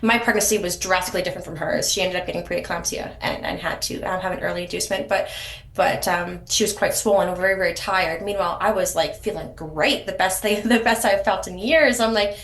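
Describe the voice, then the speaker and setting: Podcast guest, woman, warm and rambling storyteller, roomy echo on the mic. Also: fairly low pitch, fast talker. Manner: warm storytelling, frequent restarts and repeated words. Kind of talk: casual interview chat.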